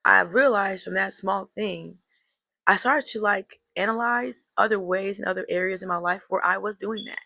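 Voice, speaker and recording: Chatty woman with a gravelly edge. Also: mid-range voice, moderate pace, sharp tone, no room sound. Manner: chatty, addresses viewers as girl and y'all; reflective, draws life lessons. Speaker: vlogger telling a personal story. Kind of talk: casual storytelling to camera.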